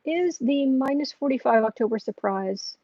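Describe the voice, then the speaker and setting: Brief: American woman streamer, husky voice with some fry, chatty and rambling, muffled lo-fi dry recording. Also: sits high, animated, normal speed, no room sound. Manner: rambling, reads out viewer questions; soft cooing baby talk to her cat. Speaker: astrology and tarot livestream host. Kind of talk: casual livestream chat. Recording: muffled lo-fi mic, dry room.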